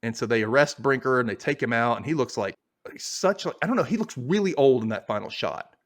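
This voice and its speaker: A podcast host recaps a TV episode in loose, rambling chat packed with fillers and asides. His voice is medium-pitched and fast, with lively intonation.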